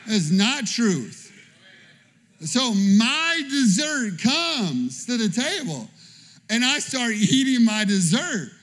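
A man preaching with a lively, high-pitched voice that climbs and dips freely. He preaches casually and tells funny personal stories, often tossing out a quick "okay?" to the crowd. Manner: animated, conversational preaching with frequent "okay?". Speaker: pastor. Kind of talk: sermon.

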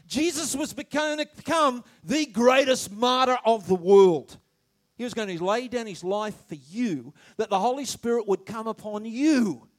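High-pitched guy preaching, all over the place, shouts then goes quiet, stumbles on words. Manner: animated, swings between loud shouts and quiet asides, laughs often; restarts and stammers when excited. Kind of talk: sermon.

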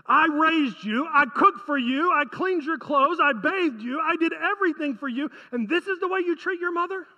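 A man's voice: very high voice, animated, moderate pace, bright, forceful tone, in a large hall, muffled recording, exaggerated voice. A man putting on an indignant scolding mother. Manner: indignant, listing grievances.

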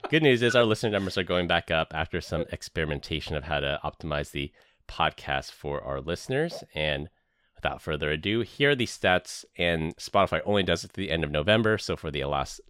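A podcast host with a bass voice talks a little fast, his tone fairly bright in a clean, echo-free studio recording. He reads through a prepared year-end recap in an earnest, scripted manner, with some casual chat mixed in.

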